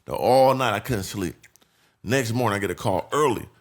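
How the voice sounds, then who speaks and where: A man telling a long street story on a casual podcast, animated and profane. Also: fairly low pitch, moderate pace. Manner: profane, animated, acts out voices in his stories. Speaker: podcast guest.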